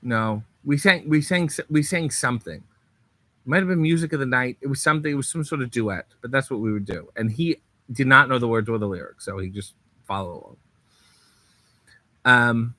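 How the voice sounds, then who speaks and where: A man hosting a livestream in a hotel room, reading out viewer comments in casual chat with sardonic, deadpan asides. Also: mid-range voice, a little hiss or hum. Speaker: livestream host.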